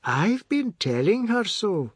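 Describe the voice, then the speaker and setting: A man reading a novel aloud, voicing an old mother who speaks slowly and solemnly. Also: high-pitched, sing-song, husky, no room sound, clean studio sound, pitched above the performer's own voice, exaggerated voice. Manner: slow, measured.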